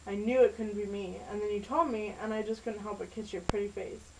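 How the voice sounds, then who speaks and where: An earnest teenage boyfriend who keeps apologizing, as a woman reads him aloud in an amateur storybook recording. The voice sits at an ordinary pitch. He sounds sweet and devoted. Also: fairly even intonation, fairly quick, noisy background, lightly acted. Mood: tender.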